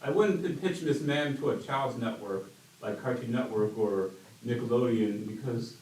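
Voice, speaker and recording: A man's voice: medium pitch, moderate pace, darkish tone. A man guesting on a casual podcast, stumbling and repeating words. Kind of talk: casual group chat. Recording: distant echoey room.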